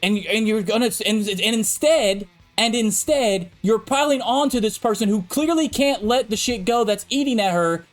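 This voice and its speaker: High-pitched male podcast co-host, heated, cursing ranter, emphatic delivery. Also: lively intonation, normal speed, few pauses, faint music behind. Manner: ranting, profane, emphatic. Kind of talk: heated debate.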